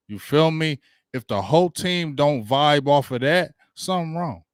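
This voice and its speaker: A man's voice: on the high side, animated, moderate pace, no echo, studio quality. A man hosting a casual sports livestream, hyped and slangy, greeting viewers by name as they join. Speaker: sports talk livestream host.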